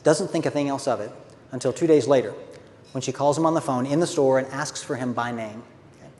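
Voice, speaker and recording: A man's voice: mid-range voice, fairly quick, darkish tone. Earnest storytelling man in a reverberant space. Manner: conversational, earnest, with brief laughs. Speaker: speaker, author. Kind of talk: storytelling talk. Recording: long reverb, faint background noise.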